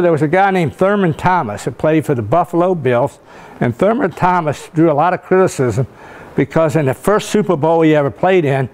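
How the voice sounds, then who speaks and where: An older man gives a leadership talk, spinning folksy stories at his own expense. He keeps checking in with his listeners as he goes. His voice sits slightly higher than most men's. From Richmond, Virginia, US. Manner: folksy, self-mocking humor, keeps checking in with "okay?". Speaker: guest speaker, former football coach.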